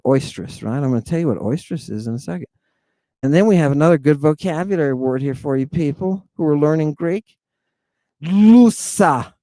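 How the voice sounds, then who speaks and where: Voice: medium pitch, mellow, no echo. A lecturer and host giving a livestreamed lesson on ancient Greek words, emphatic and blunt, checking in with constant rhetorical questions. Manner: provocative and blunt, with exclamations.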